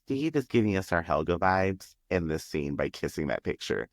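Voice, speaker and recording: A man co-hosting a casual podcast recap, speaking in a calm, measured way. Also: low voice, no echo. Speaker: podcast co-host.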